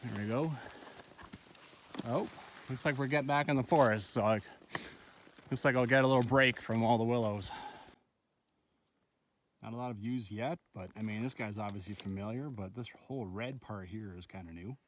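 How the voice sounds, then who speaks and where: Out on a backcountry trail, a man vlogs his solo backpacking trip into a handheld phone, rambling chattily and frequently finishing with "right?". He speaks at a normal pace and medium pitch, with long pauses, and a faint hiss or hum sits under the recording.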